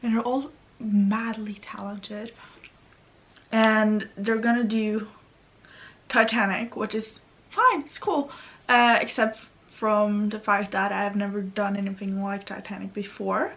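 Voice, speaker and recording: A woman's voice: mid-range voice, steady tone, unhurried, a bit bright, muffled recording. Rambling Norwegian woman vlogging. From Norway. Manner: rambling, self-correcting, nervous. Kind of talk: casual vlog monologue. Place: at home near her computer.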